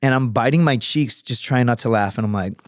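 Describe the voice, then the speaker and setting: A man who is a podcast guest, telling stories in a casual, profane and animated way, acting out other people's voices as he goes. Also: medium pitch, brisk, no room sound, clean studio sound. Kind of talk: casual storytelling. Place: podcast studio.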